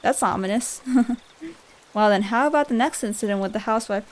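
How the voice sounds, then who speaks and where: A woman's voice: mid-range voice, brisk, long pauses. A young woman chatting casually on a game livestream, giggling often between lines, from a home room at night. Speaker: streamer.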